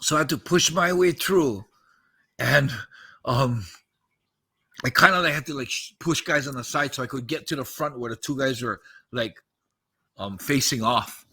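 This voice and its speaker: A man in his fifties tells a tense story on a podcast, slipping into the voices of the people he quotes and cursing along the way. His voice is very bright and sharp-edged at an ordinary middle pitch. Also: moderate pace, long pauses, husky. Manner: animated retelling, acting out quoted dialogue, frequent swearing. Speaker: podcast host recounting a story. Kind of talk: casual storytelling.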